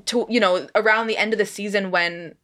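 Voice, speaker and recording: A young woman with a mid-pitched voice co-hosts a podcast. She talks in a chatty, enthusiastic way and swears now and then. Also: steady tone, brisk, fairly bright tone. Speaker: podcast co-host. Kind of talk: casual chat.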